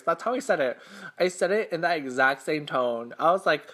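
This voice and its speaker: A man's voice: fairly high pitch, expressive, fairly quick, a bit bright. A young man hosting an eating show, telling a casual story between bites in a rambling, filler-heavy way, self-conscious and embarrassed. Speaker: mukbang host.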